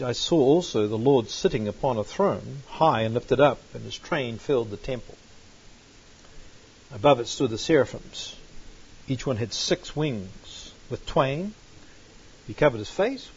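A man's voice: medium pitch, darkish tone, slightly rough. A man teaching a Bible study sermon, reading scripture aloud and breaking into sudden emphatic bursts. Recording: dull lo-fi recording.

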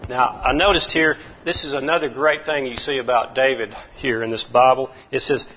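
A man preaching a folksy, animated sermon, chuckling as he goes. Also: medium pitch, moderate pace, hardly any pauses, slight background noise. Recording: muffled lo-fi recording.

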